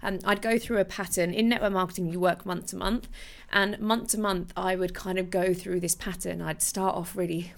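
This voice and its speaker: Chatty woman with gravelly fry. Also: fairly low pitch, normal speed. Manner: chatty, animated, with restarts and laughs. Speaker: podcast host. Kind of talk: casual solo podcast talk.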